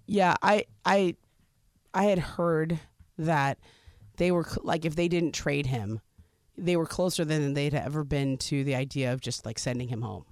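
A woman co-hosting a podcast, talking sports in a chatty, animated way. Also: sits low, no room sound, studio quality. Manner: chatty, animated, quick asides. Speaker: podcast co-host. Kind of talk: casual sports chat.

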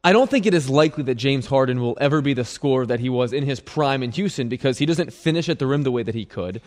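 A man giving measured, analytical basketball commentary that leans on precise stats. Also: mid-range voice, lively intonation, darkish tone.

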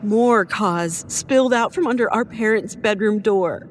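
A woman narrating a first-person horror story in an expressive, measured storytelling manner. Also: medium pitch, a little hiss or hum.

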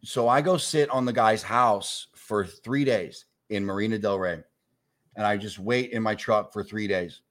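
A man in his forties with a fairly low voice tells a rambling story in easy conversation. He jumps into lively acted-out voices for the people in it and curses freely. He is a comedian from New York. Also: a little slow. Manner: animated storyteller acting out quoted voices, swears freely. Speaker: comedian guest. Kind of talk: casual storytelling chat.

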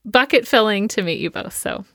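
A woman in her thirties co-hosting a podcast, chatty and quick to laugh as she recounts her week. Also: medium pitch, expressive, vocal fry, sharp tone, no echo, clean studio sound. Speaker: podcast co-host. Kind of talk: casual chat.

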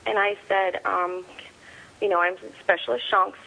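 A middle-aged woman with a voice of ordinary pitch speaks as an interviewee. She recounts events in plain words and acts out each exchange as quoted dialogue. She hesitates often, with fillers and restarts. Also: steady tone, creaky, pushed and bright, rough recording. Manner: halting, with frequent fillers and restarts. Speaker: interviewee, a soldier's mother. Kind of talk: personal storytelling.

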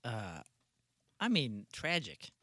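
A man's voice: mid-range voice, huge pitch swings, slow pace, sharp tone, dry recording, studio quality. A man co-hosting a casual radio talk show, laughing easily and repeating punchlines. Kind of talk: casual banter.

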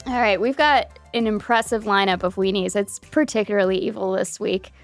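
A woman co-hosting a podcast who explains news briskly and wryly in casual chat. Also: mid-range voice, fairly even intonation, soft background music. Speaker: podcast co-host and reporter.

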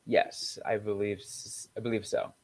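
Guy in his 20s on a hockey pod, low voice, dry, trips over words when hes excited. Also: measured pace, dry recording. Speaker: podcast co-host. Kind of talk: casual sports podcast chat.

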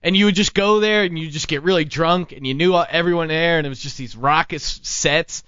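A man's voice: fairly high pitch, brisk, pushed and bright, highs cut off. A man hosting a casual talk show, telling rambling stories with plenty of restarts. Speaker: podcast host. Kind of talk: casual chat.

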